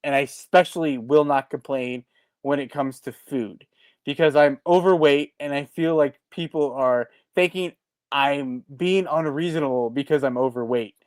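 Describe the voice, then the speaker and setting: A man co-hosting a podcast, telling a story in a rambling, animated way with lots of restarts and acted-out quotes. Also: a little high, no echo. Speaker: podcast co-host. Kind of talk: casual chat.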